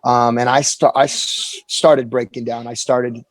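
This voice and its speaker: A man in his forties telling a candid personal story as an interview guest, earnest and halting, often restarting his sentences. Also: medium pitch, flat delivery, no echo, poor audio.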